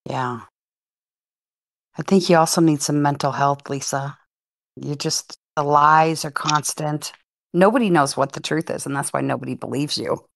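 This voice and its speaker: Very low-voiced woman caller, dry sound. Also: normal speed, vocal fry, dry recording. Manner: calm, probing, hesitant with fillers. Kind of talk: casual voice chat.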